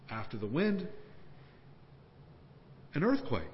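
Animated male pastor preaching in a reverberant hall. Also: a little high. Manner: animated preaching, swinging from emphatic raised questions to hushed, slowed asides. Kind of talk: sermon. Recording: long church-hall reverb, dull lo-fi sound.

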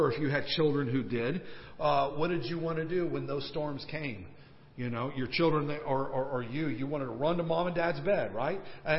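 A man preaching from the pulpit, his fairly high voice climbing on urgent questions and sinking to quiet, slowed asides. The sound carries the long reverb of a church hall. The recording is muffled and lo-fi, with the top end rolled off. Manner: animated preaching, swinging from emphatic raised questions to hushed, slowed asides. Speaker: pastor. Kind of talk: sermon.

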